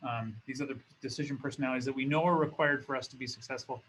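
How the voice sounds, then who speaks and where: A man's voice: medium pitch, steady tone, very fast, fairly bright tone, slight background noise, poor audio. A man teaching as a business school professor in a recorded lecture, talking in a conversational way and often restarting his phrases. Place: classroom or studio with a document camera.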